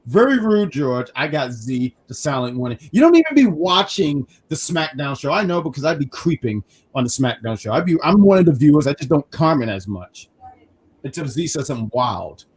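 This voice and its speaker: A man co-hosting a casual wrestling review stream, talking in quick restarts and reading chat comments aloud. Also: on the high side, sing-song, husky. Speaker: wrestling review show co-host.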